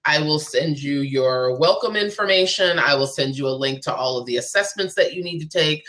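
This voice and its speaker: A woman's voice: low voice, a little fast, fairly bright tone. A woman guest on a live show, a business coach talking in an emphatic, persuasive way and repeating her key phrases.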